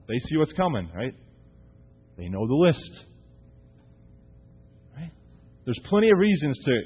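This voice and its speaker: Male pastor, 30s, lively sing-song delivery, husky voice, tinny recording in a reverberant church. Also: fairly high pitch, normal speed, pauses often. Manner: conversational, humorous, asks the congregation rhetorical questions. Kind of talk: sermon. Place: church sanctuary.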